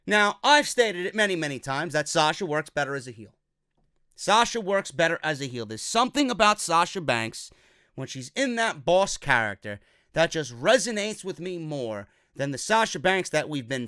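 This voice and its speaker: A man's voice: fairly high pitch, sing-song, normal speed, a bit bright, no echo, clean studio sound. A man ranting bluntly in a profane wrestling review vlog, exasperated and swearing often.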